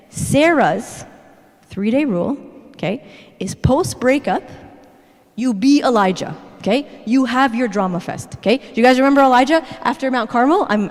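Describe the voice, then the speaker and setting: Woman, high voice, animated chatty church talk, keeps saying okay, long echo of a church hall. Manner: animated, chatty, tags "okay?" after every point. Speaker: guest speaker. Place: church sanctuary.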